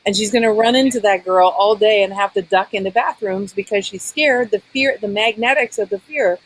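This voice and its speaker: A woman's voice: medium pitch, moderate pace, rough recording. A woman talk-show coach, earnestly guiding a caller and acting out example lines. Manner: earnest, role-plays apologies to demonstrate. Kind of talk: coaching conversation.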